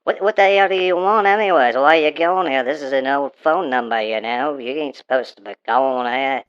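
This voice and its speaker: A man's voice: medium pitch, a little fast, fairly bright tone, clean tone, voice pushed up, close to an everyday voice. Brief: rude Aussie talking dog, male, says mate a lot, dull phone-line sound, a man doing the voice. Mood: annoyed. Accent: put-on Australian. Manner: rude, slangy, calls listener mate. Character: crude beer-drinking Australian talking dog, male.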